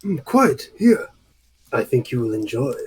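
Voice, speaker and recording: A man doing an old cat-folk wanderer in a tabletop fantasy game, speaking with formal, elaborately polite manners. The voice sits at an ordinary pitch. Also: big pitch swings, unhurried. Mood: courtly.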